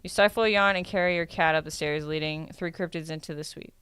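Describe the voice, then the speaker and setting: A woman's voice: low voice, steady tone, fast talker, a bit bright, clean tone, no room sound. A woman streamer who reads a dating sim's text aloud in a casual tone, often stumbling and correcting herself as she reacts. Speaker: streamer playing a dating sim.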